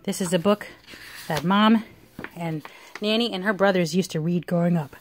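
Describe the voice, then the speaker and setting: A woman reading a picture book aloud to a young child at home, with expressive storytelling. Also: on the low side, moderate pace, slight background noise. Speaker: reader.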